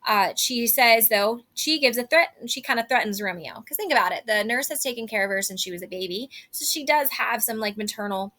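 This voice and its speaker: A woman's voice: on the high side, lively intonation, fairly quick, hardly any pauses, bright, forceful tone. A young woman teacher reading a play aloud and explaining it in a casual, chatty way.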